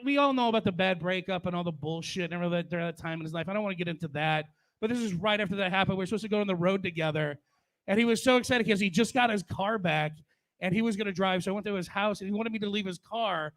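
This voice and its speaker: High-voiced comedian in his forties. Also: quick pace, fairly bright tone. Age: 40s. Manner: crude, profane, conversational. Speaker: stand-up comedian. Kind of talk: stand-up storytelling at a memorial.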